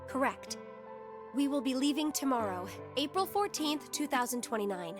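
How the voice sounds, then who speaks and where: Calm young woman in a game. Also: sits high, moderate pace. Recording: game audio with clear music behind.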